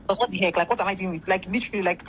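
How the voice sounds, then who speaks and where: Rapid-fire young woman gossiping. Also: mid-range voice, a little hiss or hum, poor audio. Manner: rambling, blunt, swears freely. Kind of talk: casual gossip storytelling.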